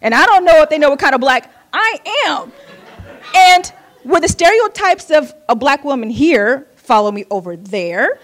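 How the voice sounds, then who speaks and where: A woman's voice: high-pitched, expressive, moderate pace. A woman from Oakland telling a personal story with a wry, candid manner, laughing at herself often. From Oakland, United States.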